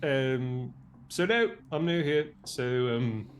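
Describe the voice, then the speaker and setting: Lively high-voiced man playing a game. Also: slow pace, a little hiss or hum. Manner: playful, lively, joking. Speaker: player. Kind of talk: in-character tabletop play.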